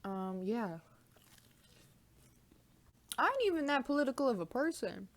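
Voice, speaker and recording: A young woman vlogs at home in a casual mukbang chat, eating while she rambles, swears and bants animatedly. Her voice is a little high, and she talks at a measured pace.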